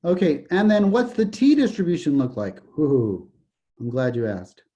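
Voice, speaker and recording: A man's voice: a little high, wildly swooping pitch, normal speed, warm tone, dull audio. A man teaching a college statistics lecture, joking and digressing, often saying "okay" as he explains. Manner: jokey, digressive, repeats "okay". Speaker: college math professor.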